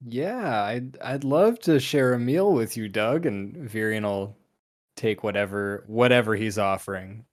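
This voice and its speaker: A player speaking slowly and hesitantly in a casual tabletop game, often restarting words. The voice sits at a middle pitch. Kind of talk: casual tabletop role-play.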